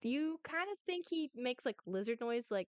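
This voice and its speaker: A woman's voice: high voice, lively intonation, moderate pace, clean tone, no room sound. A woman running a tabletop game over a video call, narrating in a giggly, rambling way. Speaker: game master.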